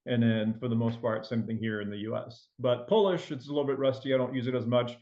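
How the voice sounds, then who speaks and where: A man's voice: medium pitch, steady tone, fast talker, warm tone, highs cut off. A man raised in France with a faint French accent, a loan officer chatting casually as a guest in an interview, full of fillers and restarts.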